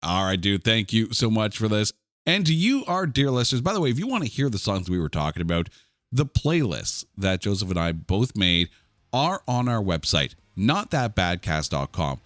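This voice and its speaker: Animated low-voiced male podcast host. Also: normal speed, no room sound, clean studio sound. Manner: enthusiastic, animated, casual swearing. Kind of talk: casual chat.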